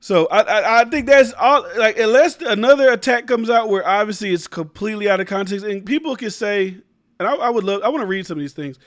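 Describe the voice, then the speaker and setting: A high-pitched man rants through his own commentary show. He talks emphatically, swears a lot and trips over restarts. The sound is close and dry, with little room echo. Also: brisk. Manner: emphatic, rambling, profane, restarts mid-sentence. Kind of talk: casual opinion commentary.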